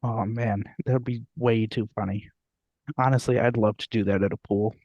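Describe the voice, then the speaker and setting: A man's voice: lowish voice, steady tone, moderate pace, a little mellow, dry recording, lo-fi sound. A young man co-hosting a podcast in casual chat, joking and laughing often. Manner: laughs often, jokey, puts on silly voices for quotes. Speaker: podcast co-host.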